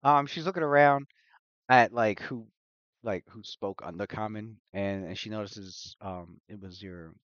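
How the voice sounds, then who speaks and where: A lowish-voiced man runs a tabletop game, describing the scene in halting, restarting phrases. His voice comes through a dull, dry home mic with no room sound. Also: a bit bright, no echo. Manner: halting, full of fillers and restarts. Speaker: game master. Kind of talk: narrating a tabletop game on a livestream.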